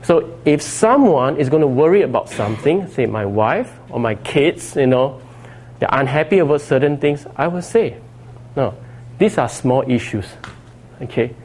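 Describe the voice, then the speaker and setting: A man's voice: on the high side, animated, normal speed, a little mellow, a little hiss or hum. A middle-aged man preaching a sermon in a conversational way, often saying "you know" and "okay" to his congregation. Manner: conversational preaching, frequent 'you know' and 'okay'. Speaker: pastor.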